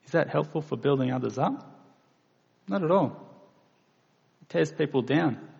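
A man's voice: a little high, expressive, normal speed, creaky, a little mellow, slightly rough. A man preaching a sermon, earnest and plain-spoken, acting out quoted voices now and then. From Australia. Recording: lo-fi recording in a reverberant hall.

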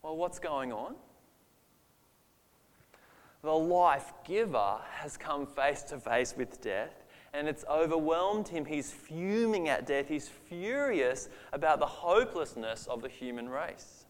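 A man's voice: a little high, animated, slow pace. Earnest preacher man in a reverberant hall. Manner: earnest and emphatic, voice rising when describing Jesus' anger. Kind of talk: sermon on a Bible passage.

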